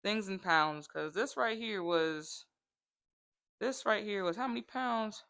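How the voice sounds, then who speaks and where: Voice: mid-range voice, slow pace, gravelly, bright, forceful tone, smooth. A comedic vlogger in a rambling monologue who jumps between tangents and acts out the voices of people in the stories.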